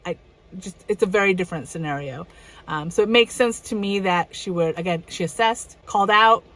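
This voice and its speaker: A woman's voice: fairly low pitch, fairly quick, fairly bright tone. A woman hosting a reaction video, chatting casually and thinking aloud with hedging asides.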